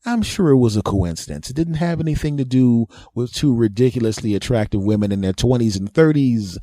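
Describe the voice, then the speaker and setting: A man tells a comic story at his own expense and laughs at his own jokes. His voice is dark and mellow. The recording is dry and close. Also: mid-range voice, animated, a little fast, dry recording. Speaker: comedian telling a personal story. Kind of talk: comedic storytelling monologue.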